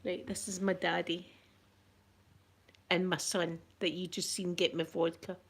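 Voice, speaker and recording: A middle-aged Scottish woman hosting a soft-spoken ASMR vlog, chatty and rambling, with local words like wee and yous. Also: fairly low pitch, flat delivery, a little slow, slightly rough. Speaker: ASMR channel host.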